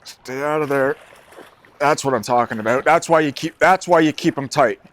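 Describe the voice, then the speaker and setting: A man, out of breath, giving excitable on-location commentary from a boat on a river and exclaiming often. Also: on the high side, normal speed. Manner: excitable, exclaiming, laughing easily. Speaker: fishing show host.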